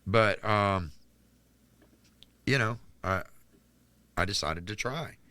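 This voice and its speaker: A man from North Carolina talks through a personal story as a podcast guest, candid and rambling, peppering it with "like". His voice sits low but comes across forceful and bright. The sound is dry and close, with no room in it. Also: takes it slowly, no room sound. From Charlotte, North Carolina, US. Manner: rambling and candid, heavy use of "like". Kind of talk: personal storytelling in a casual interview.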